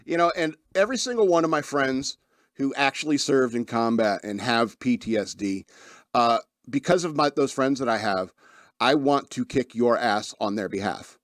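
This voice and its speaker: A man's voice: medium pitch, normal speed, dry recording, studio quality. A man hosting a podcast, talking casually and wryly, rambling and laughing at his own stories. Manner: wry, rambling, laughs often, self-deprecating. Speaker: podcast host. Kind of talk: casual chat.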